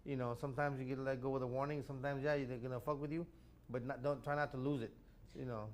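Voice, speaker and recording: A man in casual chat, telling a story fast with stammering repeats. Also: medium pitch, level tone, a little hiss or hum.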